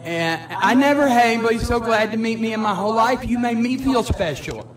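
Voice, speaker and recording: A man's voice: very high voice, expressive, brisk. Rambling, emotional man, distant mic. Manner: rambling, stammering, laughing often. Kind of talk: emotional personal conversation. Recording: distant mic with crowd noise.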